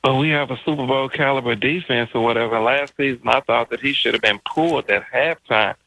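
A man's voice: medium pitch, a little fast, sharp tone, no room sound, low-quality recording. A man from the Houston area calling in to a sports radio show and asking a question casually, trailing off with filler phrases. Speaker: radio caller. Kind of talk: call-in question.

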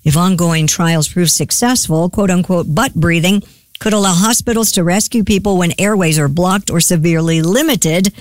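A woman's voice: fairly low pitch, normal speed, no echo. Woman reading news on morning radio. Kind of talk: reading news items on air.

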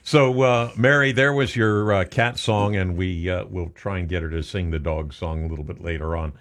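A man hosting a morning radio show in casual banter, jokey and quick to laugh, talking from a studio microphone. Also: low-pitched, fairly even intonation, a bit bright. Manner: jokey, quick to laugh, talks over his co-host.

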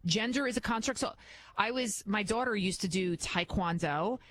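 A middle-aged woman hosting talk radio, speaking in a blunt, emphatic and opinionated way. Her voice sits at a medium pitch. A faint hum of background noise is heard behind her. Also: moderate pace, a bit bright, low-quality recording. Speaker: fill-in radio talk show host.

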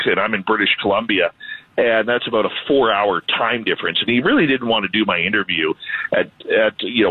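A Canadian man, a radio host, telling stories in a casual, animated, self-deprecating way. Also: mid-range voice, slightly rough, dry recording, narrow, tinny audio. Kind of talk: casual storytelling conversation.

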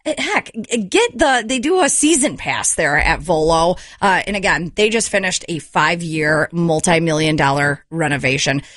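A woman's voice: low-pitched, lively intonation, moderate pace, few pauses, fairly bright tone, no room sound, studio quality. Chatty upbeat woman radio host. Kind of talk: casual radio chat.

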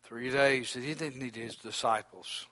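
A man preaching a sermon, swinging from loud exclamations to near-whispers and calling out to brothers by name. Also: medium pitch, fairly even intonation, a little slow, dry recording.

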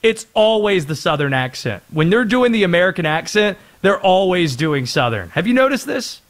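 Casting: male sports radio host, slightly high, animated and jokey. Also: normal speed. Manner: animated, puts on silly voices.

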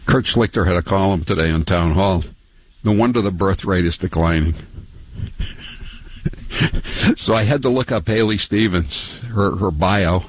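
An older man hosting a talk radio show, rambling and sarcastic, with many halting restarts. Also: low-pitched, expressive, slightly rough, no room sound, low-quality recording.

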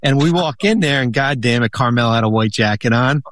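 A man telling long stories in a casual chat, rambling with many restarts and lively quoted lines. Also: mid-range voice, a little fast, dry recording. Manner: rambling, many restarts, animated when quoting. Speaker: guest, former basketball executive.

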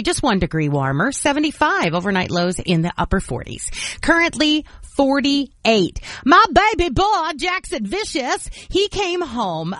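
A woman hosting a morning radio show, chatting casually and playfully with animated asides. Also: medium pitch, dry recording.

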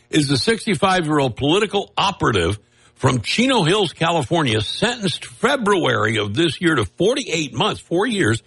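A man's voice: fairly high pitch, a bit bright, slightly rough. A man hosting a casual political commentary monologue, mocking and wisecracking, rambling with asides and laughing at his own jokes. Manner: loose, rambling, with restarts and asides.

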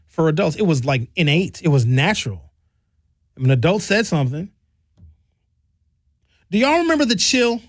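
A man's voice: a little high, dry recording. A man in his fifties talking in a casual monologue, blunt and profane, acting out quotes as he tells stories. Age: 50s. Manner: animated storytelling with acted-out quotes. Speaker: commentator.

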